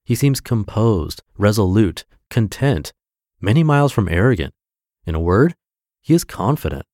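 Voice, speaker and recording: A man hosting a podcast, reading essays aloud in a measured, expressive narration. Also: fairly low pitch, no room sound, clean studio sound. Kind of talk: scripted narration.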